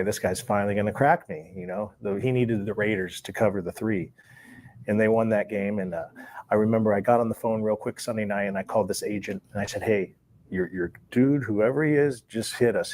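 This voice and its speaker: This ex-sports bookie has a lowish voice and talks briskly as he relates a long tale in a casual way. He stays relaxed, acts out recalled conversations, and chuckles between lines.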